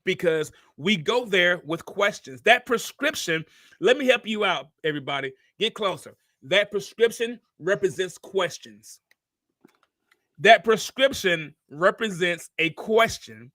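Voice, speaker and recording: A man, his voice high and bright, hosting a talk show. He stammers into his questions, then builds a rhythmic, repeating run of points like a preacher. The sound is close and dry. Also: lively intonation, dry recording. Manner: drawn-out, preacherly, repeats phrases for emphasis. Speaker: podcast host. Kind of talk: casual interview talk.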